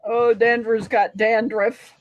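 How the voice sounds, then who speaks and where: A woman's voice: on the high side, little pitch movement, takes it slowly, no room sound, muffled recording. A woman chatting casually on a home livestream, rambling and repeating herself as she talks about her family and her dog. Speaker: livestream co-host.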